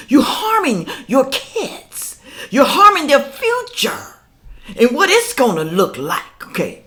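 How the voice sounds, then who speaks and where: A woman ranting to her viewers in a vlog, scolding and preachy, swinging from loud outbursts to hushed asides. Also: high voice, wildly swooping pitch, takes it slowly. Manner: preachy, scolding, addresses viewers as y'all and people. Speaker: political commentary vlogger. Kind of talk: casual reaction vlog rant.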